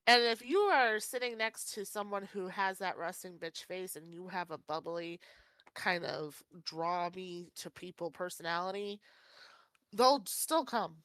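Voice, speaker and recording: Bright giggly woman telling a story. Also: fairly low pitch, measured pace, no echo. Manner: laughs often, acts out other people's lines. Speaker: podcast co-host. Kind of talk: casual chat, storytelling.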